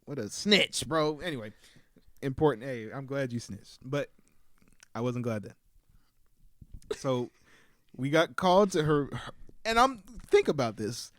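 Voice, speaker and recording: A young podcast co-host speaks at medium pitch, unhurried and with long pauses, on a dry recording. He tells a story casually, animatedly acting out the quotes in varied voices for the people in it.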